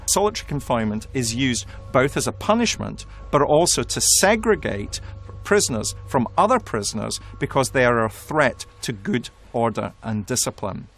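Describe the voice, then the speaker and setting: A man giving measured, analytical commentary in a documentary interview. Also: medium pitch, big pitch swings, fairly bright tone, faint music behind. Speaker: prison expert.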